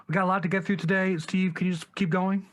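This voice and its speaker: A man hosting a comedy sketch podcast, brisk and trying to keep the others in line. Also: high-pitched, level tone. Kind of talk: scripted comedy sketch banter.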